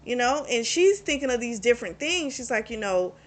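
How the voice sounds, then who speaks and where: A woman's voice: fairly high pitch, lively intonation, moderate pace. A woman casually retelling a novel's plot as a book reviewer, quoting the characters in her own voice and adding blunt reactions of her own. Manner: chatty, conversational retelling with frequent fillers.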